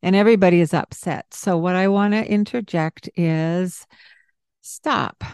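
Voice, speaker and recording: A woman's voice: fairly low pitch, steady tone, moderate pace, clear, resonant tone, no echo, clean studio sound. A woman hosting a parenting talk, explaining ideas in a conversational teaching style with everyday examples. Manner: explains warmly with examples and asides. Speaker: parenting podcast host.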